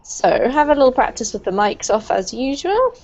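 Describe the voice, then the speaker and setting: A woman's voice: high-pitched, sing-song, moderate pace, a little mellow. A woman teaching English pronunciation to an online group class, encouraging and praising her students. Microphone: video call. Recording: muffled lo-fi video call audio.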